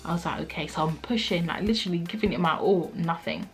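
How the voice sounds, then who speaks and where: A young woman vlogger telling a personal story in a casual, animated way, acting out what people said. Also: lowish voice, fast talker, faint music behind. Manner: animated, acts out quotes, frequent "like".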